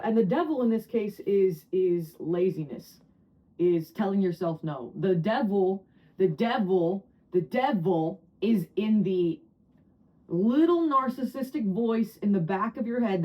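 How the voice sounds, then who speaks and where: A woman of around forty from New Jersey giving a casual tarot reading to camera, chatty and excitable, often breaking into laughter and high squeals. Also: low-quality recording. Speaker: tarot reader.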